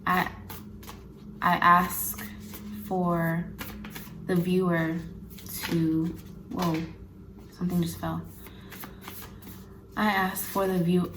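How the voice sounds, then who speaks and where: A woman leads a spiritual card reading at an unhurried, gentle pace, her voice sitting slightly low. She speaks haltingly, on the verge of tears, breaking off and starting over. A faint noise floor and the shuffle of cards sit behind her. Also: little pitch movement, low-quality recording. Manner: halting, overcome with emotion, many restarts. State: close to tears. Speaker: intuitive card reader.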